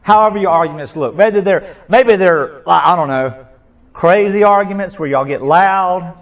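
A male pastor preaching a sermon, impassioned and repetitive, swinging from loud to hushed. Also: high-pitched, measured pace. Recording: dull lo-fi sound.

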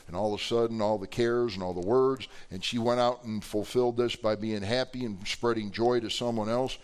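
A man preaching a sermon, telling stories animatedly and rising to loud emphasis. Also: mid-range voice, moderate pace, clear, resonant tone.

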